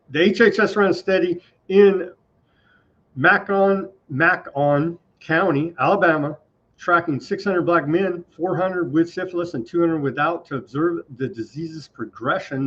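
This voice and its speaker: A man with a fairly high, husky voice runs a commentary show. He reads headlines aloud and adds wry, offhand asides, heard through a dull, lo-fi recording. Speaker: show host. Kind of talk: casual news commentary. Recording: dull lo-fi sound.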